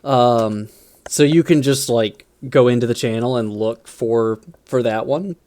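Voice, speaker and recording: An enthusiastic man running a streamed tabletop game, chatting casually in a mid-pitched voice. He rambles and restarts often as he talks. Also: a little slow, a little mellow. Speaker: game master and stream host.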